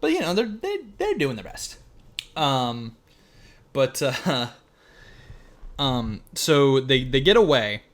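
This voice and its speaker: Animated young man chatting, laughing. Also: mid-range voice, takes it slowly, pauses often. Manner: animated, laughing, swearing, putting on silly voices. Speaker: podcast co-host. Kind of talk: casual chat reviewing a film.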